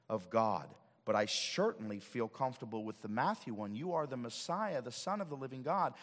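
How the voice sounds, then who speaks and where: A man preaching a sermon in a church, swinging from loud declarations to hushed asides. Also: medium pitch, in a large hall. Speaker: pastor. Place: church sanctuary.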